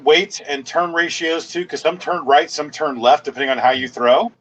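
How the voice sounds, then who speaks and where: A man's voice: fairly high pitch, fairly even intonation, normal speed, fairly bright tone. A man hosting a podcast in casual chat, rambling and telling stories loosely. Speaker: podcast host.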